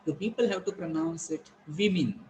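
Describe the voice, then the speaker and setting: Guy teaching english pronunciation in class, kinda high voice, repeats words slow and quizzes students, faint hiss behind. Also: darkish tone, poor audio. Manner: patient, repeats words slowly and asks the class questions.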